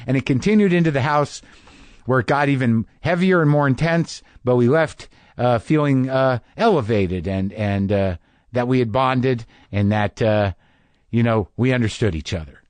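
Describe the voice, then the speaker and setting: A man's voice: mid-range voice, no room sound. Dry, rambling male podcast host. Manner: rambling, self-deprecating, with frequent restarts. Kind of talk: casual comedic monologue.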